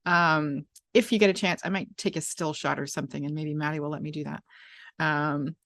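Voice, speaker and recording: Low-pitched lady hosting a chat show, rambles a lot, very dry sound. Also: fairly even intonation, brisk, fairly bright tone, no room sound. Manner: chatty, rambling with frequent restarts and fillers. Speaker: podcast host. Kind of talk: casual chat.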